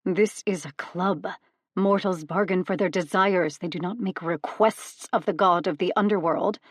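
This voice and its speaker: A woman voicing a haughty female nymph in an audiobook, sharp and lecturing in tone. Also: on the low side, steady tone, normal speed, dry recording, studio quality, lightly acted. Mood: scornful. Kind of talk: audiobook character voice.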